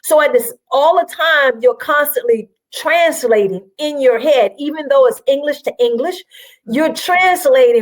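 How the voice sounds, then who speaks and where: This interview-show guest from South Carolina speaks in a high-pitched, unhurried voice over poor audio. She shares her story animatedly and chattily, with fillers sprinkled throughout.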